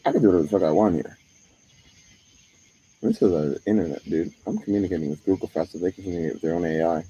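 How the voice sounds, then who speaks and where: A man with a deep, dark voice rambles through a live-stream monologue. His pitch swings widely as he jumps between topics, swearing freely. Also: animated, fast, husky, muffled recording.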